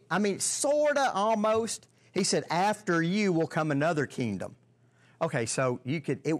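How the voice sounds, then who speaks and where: A man teaching a Bible lesson in a conversational way, often repeating words and putting questions to his listeners. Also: fairly high pitch. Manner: halting, repeats words, asks the audience questions.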